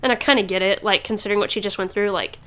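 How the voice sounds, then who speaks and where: A female podcast host chats casually and very fast, rambling loosely with fillers, restarts and lots of laughter. Her voice is mid-range for a woman, a bit bright, with a steady tone.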